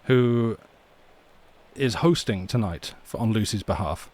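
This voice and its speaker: A man from the UK, hosting a livestream from home in a soft, rambling, chatty way and reading poetry aloud. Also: fairly low pitch, a little slow. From United Kingdom. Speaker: livestream host. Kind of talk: casual livestream chat and poem reading. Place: home room.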